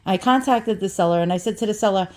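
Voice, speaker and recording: A woman talks casually to her viewers while unboxing an antique. She rambles, restarts her sentences and pokes fun at herself, in a voice of ordinary middle pitch. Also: fast. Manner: chatty, self-deprecating, rambling with restarts. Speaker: antique vlogger.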